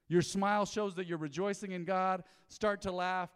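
A man preaching a sermon as pastor, animated and conversational, calling on the congregation to repeat words after him. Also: sits high, brisk, smooth, big-room sound.

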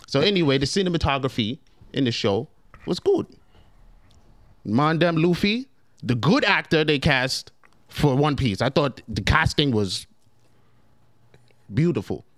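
A man's voice: fairly high pitch, sing-song, normal speed, hardly any pauses, sharp tone, dry recording. A man putting on an exaggerated mock Jamaican accent, hamming it up and laughing between words. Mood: hammy.

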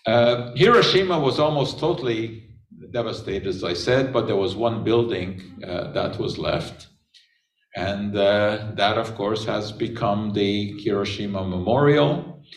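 An older man giving a conversational science lecture to an audience, often pausing on "uh" and "of course". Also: fairly low pitch. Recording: echoey hall from far off.

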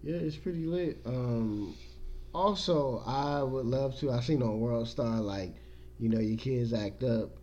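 A man's voice: mid-range voice, a little slow, highs cut off. A young man hosting a casual podcast, joking and swearing freely. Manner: profane, joking, loud bursts of laughter. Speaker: podcast host. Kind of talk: crude casual podcast chat.

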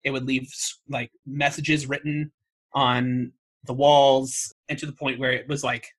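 Bright husky-voiced man telling a story. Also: medium pitch, level tone, measured pace. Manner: wry, swears freely, laughs at himself. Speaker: podcast co-host. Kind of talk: casual storytelling chat.

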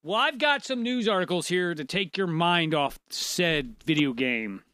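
A man's voice: a little high, animated, unhurried, pushed and bright, dry recording. A man co-hosting a podcast, reading news aloud and joking, laughing and swearing often. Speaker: podcast co-host.

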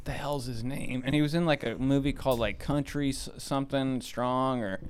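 A man's voice: medium pitch, steady tone, moderate pace, slight background noise. A man co-hosting a movie podcast, giving blunt, profane, rambling opinions in casual chat. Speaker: podcast co-host.

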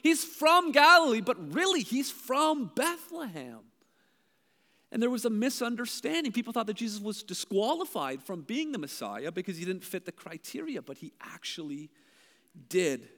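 A man from Canada preaching a sermon, animated, his delivery swinging between loud, emphatic lines and hushed ones. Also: sits high. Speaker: pastor. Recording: long hall reverb.

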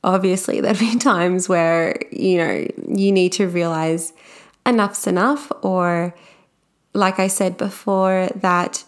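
A woman's voice: lowish voice, fairly even intonation, slow pace. A young woman speaking casually and candidly about her own experience at work, with plenty of everyday fillers. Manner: chatty and candid, with frequent fillers. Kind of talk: casual personal storytelling.

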